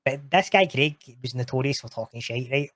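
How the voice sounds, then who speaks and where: A man with a Scottish accent, a guest telling stories in casual chat, animated and sweary. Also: mid-range voice, a little fast, dry recording, clean studio sound. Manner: animated, sweary, quotes others in raised voice.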